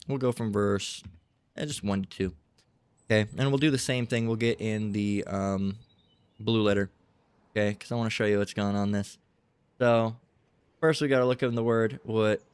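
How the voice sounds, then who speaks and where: A man's voice: mid-range voice, clear, resonant tone, no echo. A man commentating and reading aloud in a combative way, repeating himself, swearing freely and keeping on asking "all right?". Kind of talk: heated commentary and bible reading.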